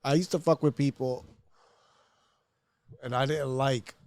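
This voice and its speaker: A man's voice: medium pitch, fairly even intonation, measured pace, darkish tone, dry recording. A young man from New Jersey chatting on a podcast, telling profane stories and laughing as he goes. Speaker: podcast guest. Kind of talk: casual podcast chat. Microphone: studio mic.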